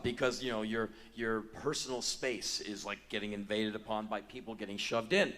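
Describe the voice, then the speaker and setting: A man in his forties telling a long comic story live on a theater stage, animated and breaking into loud yelps and acted-out quotes. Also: fairly low pitch, moderate pace, hardly any pauses. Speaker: spoken word performer. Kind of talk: live spoken word storytelling. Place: large theater stage before a live audience.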